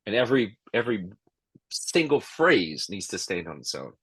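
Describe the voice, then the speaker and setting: A man's voice: on the low side, very animated, normal speed, a bit bright, husky, no room sound. A middle-aged man answering interview questions as an expert witness, emphatic and prone to repeating words as he starts sentences. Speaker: expert witness and law professor.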